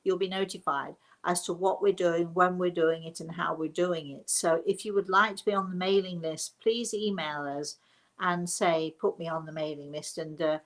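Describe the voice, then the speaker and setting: A woman's voice: fairly low pitch, a bit bright. A middle-aged woman from England hosting a live question and answer stream as a psychic medium, talking in a chatty, rambling way with many restarts. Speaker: psychic medium and show host.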